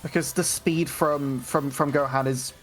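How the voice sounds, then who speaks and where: A woman co-commentating a live game tournament, giving relaxed analysis with frequent ums and restarts. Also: low voice, unhurried, soft background music. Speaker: esports co-commentator.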